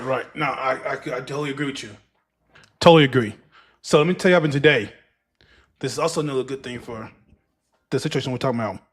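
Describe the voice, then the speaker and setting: A man tells a story on a podcast, acting out each line he quotes. His voice sits high for a man. He talks in a loose, casual way. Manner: animated storyteller who acts out other people's lines. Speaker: podcast co-host.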